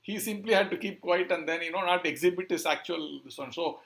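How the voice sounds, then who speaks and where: A man's voice: sits high, fairly quick, gravelly, a bit bright. A man, retelling a scripture story in a talk, hesitant and searching for words. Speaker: preacher.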